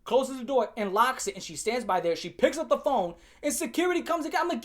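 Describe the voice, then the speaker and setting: A man's voice: extremely high pitch, lively intonation, brisk, hardly any pauses, fairly bright tone. A young man telling a story from his school days to his viewers as a heated, profane rant full of slang, addressing them directly and repeating himself.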